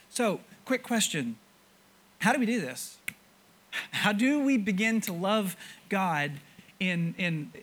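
A preacher giving a sermon to a congregation, asking them questions and often repeating words as thoughts restart. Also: mid-range voice. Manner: animated, stammering restarts, rhetorical questions to the congregation. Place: church before a congregation.

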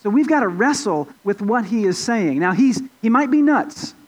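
A man's voice: sing-song, moderate pace, rough recording. A male pastor preaching an expository sermon in a conversational way, with fillers and restarts, rising for emphasis. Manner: rises in pitch and volume for emphasis.

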